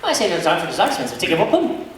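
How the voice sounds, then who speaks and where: A man imitating a friendly, fast-talking man with a put-on Scottish Highlands accent, in an echoey hall. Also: wildly swooping pitch, distant mic, slight background noise. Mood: eager.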